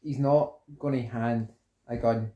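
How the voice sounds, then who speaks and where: A man's voice: medium pitch, fairly even intonation, a little slow, dull audio. A Scottish man chatting casually and bluntly about a film, giving his opinions on the characters. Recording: roomy echo.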